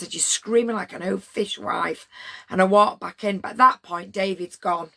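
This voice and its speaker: A woman's voice: medium pitch, normal speed, vocal fry, pushed and bright. A middle-aged woman, telling a story to her livestream chat in a blunt, rambling way with plenty of swearing.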